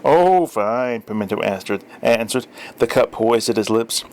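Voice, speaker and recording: A man's voice: on the low side, little pitch movement, moderate pace, a little hiss or hum. Wry man reading a story. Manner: wry, dry storytelling with small self-corrections. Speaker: story reader. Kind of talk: audiobook narration.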